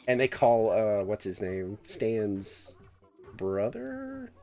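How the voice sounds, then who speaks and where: A man's voice: lowish voice, sing-song, drawn-out words, creaky, warm tone. A man streaming a game, chatting in a rambling way with lots of fillers and laughs. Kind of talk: casual chat while gaming.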